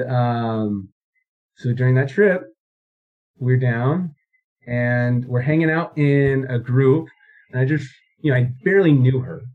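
A man in his thirties, appearing as a guest in a casual interview, recounts his life story, rambling with lots of fillers and restarts. His voice is medium-pitched, and the audio sounds narrow and tinny.

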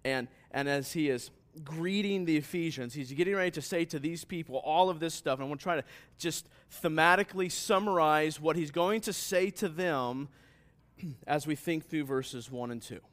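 A man with a fairly high voice is preaching a sermon. He talks in a relaxed, conversational way and keeps checking in with the congregation. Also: moderate pace. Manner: conversational preaching that rises to emphatic scripture reading. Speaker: pastor.

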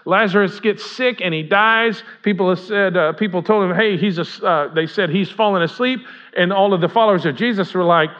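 A man's voice: high-pitched, a little fast, hardly any pauses, fairly bright tone, clear, resonant tone. A man preaching as pastor in a conversational way, asking the congregation questions as he retells a story. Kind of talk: sermon. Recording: dull lo-fi sound.

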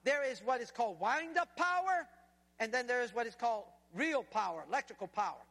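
A man preaching a sermon in an animated way, swinging between loud and hushed delivery. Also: extremely high pitch, fairly quick. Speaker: guest preacher. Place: church sanctuary. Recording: church hall reverb.

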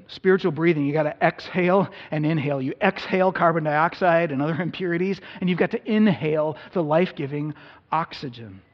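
A man pastor delivers a sermon in a conversational, self-deprecating way. His voice sits a bit high with a husky edge. The audio is dull and carries a long echo from a large church hall. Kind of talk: Easter sermon.

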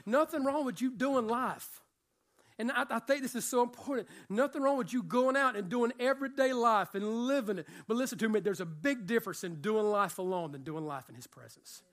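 A man preaching a sermon as pastor, emphatic, swinging between loud passages and hushed ones, with casual slang asides. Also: extremely high pitch, brisk.

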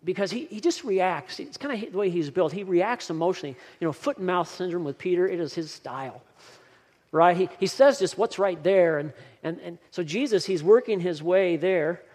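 A man delivering a sermon, his voice sitting a little high for a man. He presses his points with rising emphasis and repeats key lines. The sound carries a long reverb, like a church sanctuary. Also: expressive, brisk, a little mellow. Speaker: pastor.

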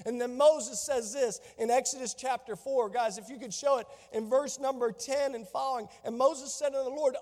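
A man preaching a sermon as pastor, animated and acting out dialogue from scripture. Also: very high-pitched, normal speed, few pauses. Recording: long reverb of a church hall.

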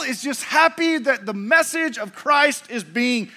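High, bright preacher. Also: male voice, unhurried, hardly any pauses. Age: middle-aged. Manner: folksy, jokey, animated preaching. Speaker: pastor. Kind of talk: sermon.

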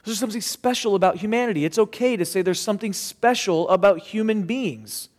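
A man's voice: high voice, lively intonation, a little fast, in a large hall. A man preaching a sermon as pastor, earnest and conversational with casual asides, in a church sanctuary.

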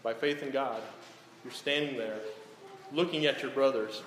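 A man preaching a sermon in a church hall, asking rhetorical questions and dropping to a hush on solemn lines. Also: mid-range voice, moderate pace, a little hiss or hum. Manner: rhetorical, often tags lines with "right?". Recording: echoey hall, faint ambience.

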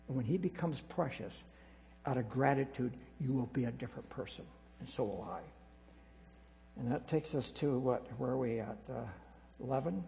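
A man preaching a sermon as pastor, emphatic and repetitive, swinging between loud declarations and quiet asides. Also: medium pitch, gravelly. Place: church sanctuary. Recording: reverberant hall with mains hum.

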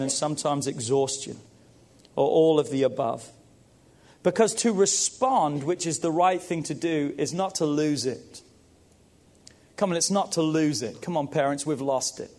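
Middle-aged preacher, high voice, emphatic sermon delivery with repeated phrases and calls to the room. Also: male voice, a little mellow. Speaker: pastor.

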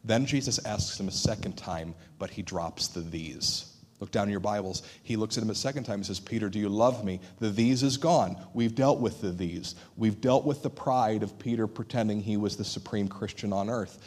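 A man preaching a sermon in an earnest manner, dropping to a hushed voice for emphasis and acting out quoted dialogue. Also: fairly low pitch, moderate pace. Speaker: pastor.

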